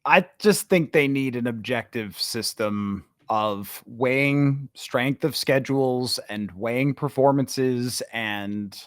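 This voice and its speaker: A man's voice: medium pitch, slow pace, hardly any pauses, no room sound, clean studio sound. A man hosting a sports podcast, chatting casually, opinionated and ranting at times, with frequent filler sounds. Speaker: podcast host.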